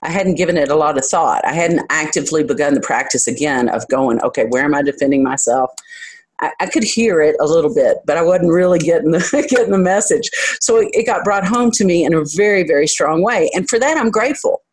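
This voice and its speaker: A spiritual teacher giving a reflective talk to a group, speaking candidly about their own experience and often pausing to search for the next thought. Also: mid-range voice, husky. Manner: candid and self-reflective, with light self-deprecating humor.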